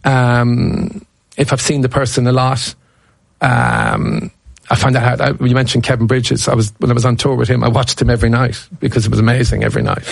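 A man's voice: mid-range voice, flat delivery, brisk, gravelly, no room sound. A comedian in his fifties telling rambling anecdotes in a casual interview, restarting his sentences as he goes. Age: 50s. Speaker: stand-up comedian guest.

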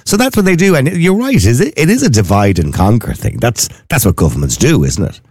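A man's voice: medium pitch, sing-song, brisk, a little mellow, slightly rough, dry recording, clean studio sound. An Irish man hosting a casual chat, asking probing questions conversationally.

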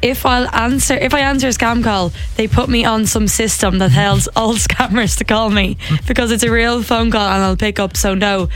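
A woman's voice: a little high, fairly even intonation, moderate pace, few pauses, soft background music. A woman co-hosting a radio show, talking in a candid, nervous way. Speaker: radio co-host. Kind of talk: casual radio chat.

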